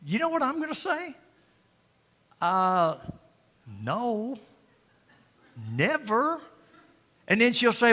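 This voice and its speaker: An older man delivers a folksy, joking sermon. His voice sits high and rings bright. It echoes with the long reverb of a church sanctuary. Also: lively intonation, slow pace, pauses often. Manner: folksy, joking, swings from loud preaching to quiet asides. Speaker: pastor.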